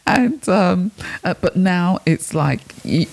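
A woman's voice: fairly low pitch, lively intonation, takes it slowly, creaky, a little mellow. A woman co-hosting a casual radio chat, bubbly and teasing, laughing often.

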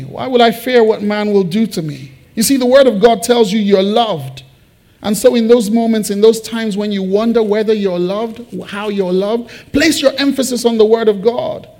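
A man preaching a sermon as pastor, asking the congregation questions and moving between loud emphasis and quiet personal confiding. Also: high-pitched.

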